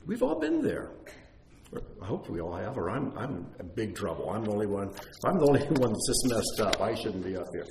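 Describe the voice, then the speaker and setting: A man teaching a congregation in an animated, conversational sermon, with self-deprecating asides. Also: on the low side, fairly quick, creaky. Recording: echoey room, faint noise.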